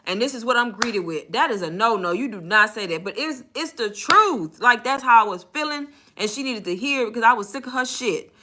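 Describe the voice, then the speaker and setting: Bright, blunt woman telling a story. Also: a little high, lively intonation, a little fast. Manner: candid and exasperated, acts out dialogue; frank with swearing and casual slang. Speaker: call center agent telling a story. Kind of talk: casual storytelling vlog.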